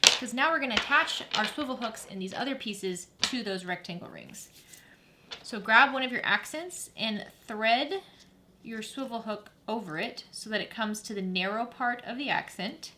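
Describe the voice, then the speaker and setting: A woman's voice: a little high, expressive, moderate pace, bright, forceful tone, a little hiss or hum. A woman hosting a sewing tutorial, giving friendly, practical step-by-step instructions while she works at her machine.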